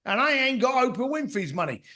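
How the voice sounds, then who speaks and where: A man's voice: extremely high pitch, very animated, brisk, pushed and bright. A middle-aged man, an author and mentor, speaking as a podcast guest. He talks bluntly in anecdotes and acts out what other people said. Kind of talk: conversational storytelling.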